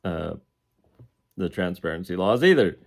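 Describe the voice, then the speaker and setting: A man's voice: deep voice, animated, measured pace, creaky. A man telling his own story in a casual, indignant way, laughing between lines. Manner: indignant, laughs between lines, acts out the quoted officers in a raised voice. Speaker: defendant recounting his jail experience. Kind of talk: casual first-person storytelling.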